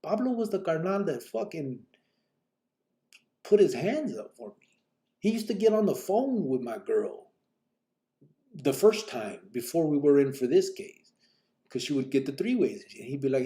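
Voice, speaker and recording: A man's voice: mid-range voice, big pitch swings, normal speed, long pauses, dark tone. A man telling his own story on a live podcast, blunt and profane, full of fillers. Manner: blunt, profane street talk with many fillers.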